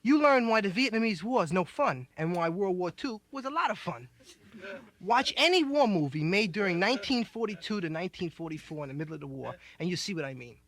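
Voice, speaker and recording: High-voiced, rambling young stand-up comic. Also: male voice, sing-song, brisk, fairly bright tone. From United States. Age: 20s. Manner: loose, rambling hipster slang, laughing as he talks. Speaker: stand-up comedian. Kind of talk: live stand-up comedy.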